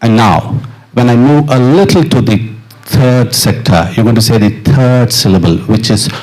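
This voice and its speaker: A middle-aged percussionist on stage with a mic, playfully coaching an audience to chant rhythm syllables. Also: male voice, mid-range voice, moderate pace, a little mellow. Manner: playful, encouraging, laughs often. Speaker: percussionist leading an audience exercise. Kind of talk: live stage talk with audience participation. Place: stage of a live dance performance.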